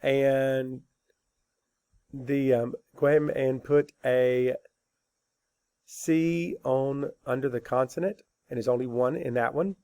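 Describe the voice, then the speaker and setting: A man teaching a spelling lesson, dictating words slowly letter by letter and asking and answering his own questions patiently. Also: mid-range voice, steady tone, mellow, clear, resonant tone, no echo. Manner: slow, deliberate letter-by-letter dictation.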